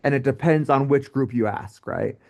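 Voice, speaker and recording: A man teaching a history lesson in a casual, joking way, with lively asides to his students. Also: mid-range voice, normal speed, gravelly. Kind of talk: recorded history lecture.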